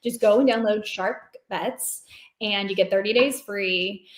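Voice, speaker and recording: A woman's voice: mid-range voice, a little slow. A woman who is a guest sports betting analyst, chatting in a laid-back, self-deprecating way. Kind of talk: casual podcast chat. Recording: echoey room.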